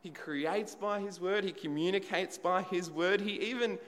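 A man's voice: high-pitched, normal speed, a bit bright, in a large hall. A man preaching a sermon in a conversational way, asking the congregation rhetorical questions.

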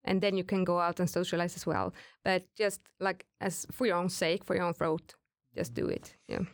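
Low-voiced woman singer, chatty. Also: moderate pace, no echo, clean studio sound. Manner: relaxed, chatty, many fillers and restarts. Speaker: rock singer, interview guest. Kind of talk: casual interview chat.

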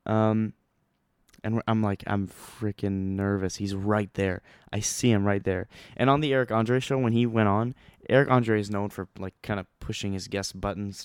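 A young man telling a rambling, excitable story in a casual vlog, with many fillers and restarts. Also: on the low side, clean tone, no echo, clean studio sound.

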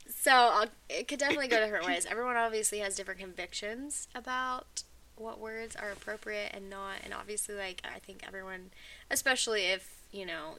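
A woman's voice: mid-range voice, bright, forceful tone, far from the mic. A woman co-hosting a casual chat podcast, talking loosely with lots of "like" fillers. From not from the US South. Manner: chatty, many "like" fillers. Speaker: podcast co-host.

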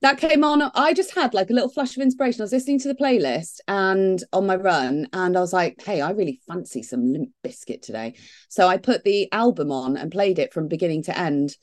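A woman's voice: on the low side, fairly quick. A woman co-hosting a podcast, telling stories in casual chat with a lot of giggling. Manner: giggly, animated storytelling. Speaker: podcast co-host.

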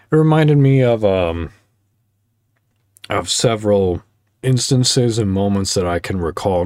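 A man's voice: low voice, no room sound, studio quality. A man hosting a casual solo podcast, talking in a rambling, heartfelt way with many fillers and restarts. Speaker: podcast host.

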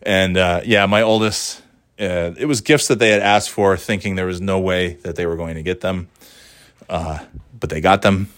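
A man's voice: low-pitched, fairly even intonation, normal speed, fairly bright tone, dry recording, clean studio sound. A middle-aged man casually recounting a family holiday in a rambling, chatty way, often laughing and acting out what people said. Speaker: parent telling a family story. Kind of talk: casual storytelling vlog. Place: warm indoor room.

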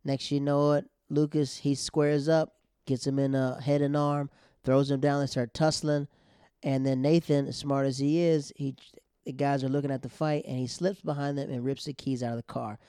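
Mellow-voiced young man recapping casually. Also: mid-range voice, moderate pace, clear, resonant tone, dry recording, clean studio sound. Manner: animated, slangy storytelling. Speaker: podcast host recapping a TV episode.

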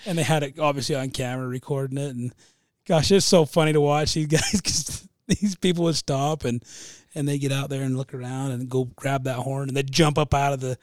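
A man's voice: mid-range voice, steady tone, fairly quick, no room sound, clean studio sound. A man in a casual chat, rambling through a funny story and laughing between sentences.

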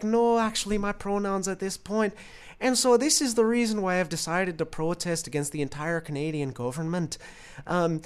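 A man's voice: high voice, clear, resonant tone, lightly acted. A man doing a rambling, absurd impression of a male pundit professor on a comedy podcast. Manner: rambling, absurd, deadpan storytelling.

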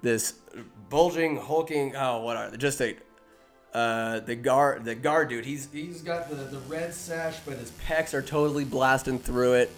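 A man's voice: mid-range voice, measured pace, soft background music. A man giving a rambling comic movie recap, full of jokey asides and self-interruptions.

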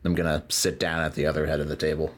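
A man's voice: a bass voice, little pitch movement, fast talker. A man playing a tabletop game, joking and playful. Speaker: player. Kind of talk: casual tabletop play. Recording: faint music behind.

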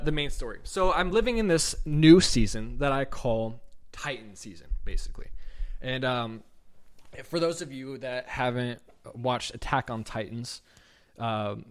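A young man hosting a podcast, telling a raw, unscripted personal story in casual, profane speech, full of "like" and quoted back-and-forth dialogue. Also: mid-range voice. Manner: casual, profane, heavy use of "like"; animated retelling with quoted dialogue. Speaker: podcast host.

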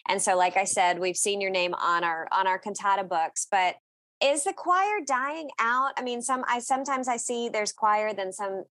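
A woman's voice: medium pitch, normal speed, fairly bright tone, no room sound, clean studio sound. A woman hosting an interview, affirming her guest and restarting her long questions as she goes. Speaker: interview host. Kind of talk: conversational interview.

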